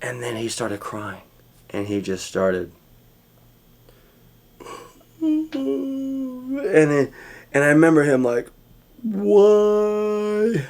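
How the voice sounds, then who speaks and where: A man speaks straight to the camera in a loose, rambling storytelling style, candid and unpolished, with plenty of swearing. His voice sits at an everyday middle pitch. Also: expressive, moderate pace. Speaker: vlogger. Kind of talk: casual personal storytelling.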